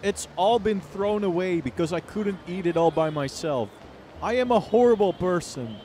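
A Dutch-speaking man voicing a hyped-up male mukbang video host, with loud, over-the-top announcer delivery and game music playing behind. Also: sits high, lively intonation, moderate pace, slight background noise, voice pushed up.

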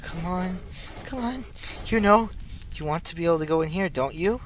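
Man narrating a game with excited squeals. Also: sits high, normal speed, a little hiss or hum. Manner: talks to himself, bursts into excited squeals. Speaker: gaming channel host. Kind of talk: let's play commentary.

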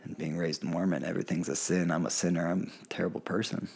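A man's voice: low voice, level tone, fast, creaky, darkish tone, slightly rough. A man as a podcast guest, telling a personal story in a candid, earnest way and acting out the voices of people he quotes. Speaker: podcast guest, plant medicine guide. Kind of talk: casual storytelling in an interview.

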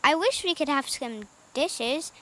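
A kind, motherly girl who soothes and reassures the younger children, read aloud by a woman. Her voice is high and bright with a gentle storybook warmth. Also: lively intonation, a little slow, full character voice. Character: kind, motherly older sister Jessie.

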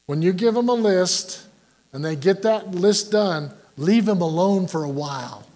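Folksy joking older pastor, high-voiced man. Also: expressive, unhurried, dark tone. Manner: folksy and joking, with frequent "Amen?" to the congregation. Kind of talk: sermon.

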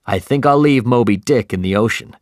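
A man's voice: medium pitch, brisk, no room sound, clean studio sound, lightly acted. A man voicing a friendly but firm one-armed sea captain in an audiobook.

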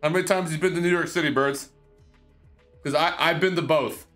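A man's voice: fairly high pitch, a little fast, soft background music. A young man streaming, chatting casually with jokes and swearing. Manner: joking, swearing, animated banter. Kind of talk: casual livestream chat.

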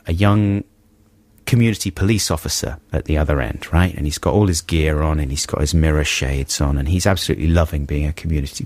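A man co-hosting a radio show, telling an exasperated anecdote in a casual, animated way with many asides. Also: deep voice, no room sound. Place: radio studio. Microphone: studio microphone.

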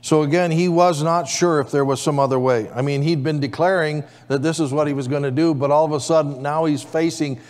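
In a church sanctuary thick with long hall reverb, a man preaches a sermon as pastor, asking the congregation for amens in call-and-response. His voice is on the high side with a darkish tone, and he talks a little fast with fairly even intonation and hardly any pauses.

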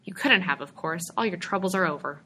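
A woman's voice: on the low side, fairly quick, sharp tone, slightly rough, rough recording. A woman reading aloud, voicing a little middle-aged male stranger who is a patient, coaxing brush peddler. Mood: delighted.

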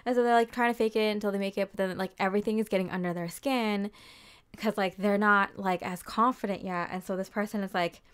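A young woman talks through a tarot reading in a loose, chatty way, filling her speech with "like" and "you know" and slipping into quick quoted voices. Her voice is smooth and clear, sitting at an ordinary middle pitch. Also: steady tone. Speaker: tarot reader. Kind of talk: casual spoken tarot reading.

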